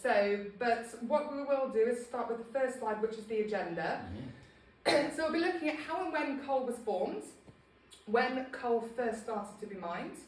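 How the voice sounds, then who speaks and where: A woman's voice: a little high, expressive, measured pace, far from the mic, slight background noise. A woman giving a casual local history talk to a small group, chatty and self-deprecating with many ums. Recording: echoey room, speaker off-mic.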